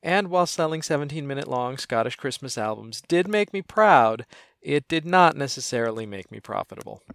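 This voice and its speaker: Wry, deadpan man, dry close sound. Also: mid-range voice, fairly quick, vocal fry, no echo. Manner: deadpan, wry and self-mocking. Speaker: comedian and small business owner. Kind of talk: crowdfunding pitch to camera.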